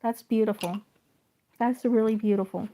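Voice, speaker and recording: A woman talks casually with her audience as she draws, her voice pitched slightly above the usual. She speaks in a gentle, affirming way, offering steady encouragement and kind words. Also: moderate pace. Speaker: streamer drawing while chatting with viewers. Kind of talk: casual chat.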